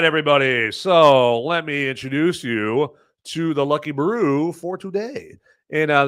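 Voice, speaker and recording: A man hosting a podcast, talking casually to the camera in a rambling way, full of fillers and self-corrections, swinging between loud emphasis and muttered asides. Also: on the high side, no echo, clean studio sound. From American Midwest. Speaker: podcast host reviewing movies and beer. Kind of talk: casual solo commentary.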